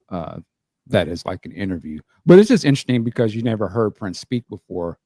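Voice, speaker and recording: A man co-hosting a podcast who talks in a relaxed, questioning way, with loose phrasing and frequent fillers. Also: deep voice, no room sound, clean studio sound. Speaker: podcast co-host. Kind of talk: casual discussion.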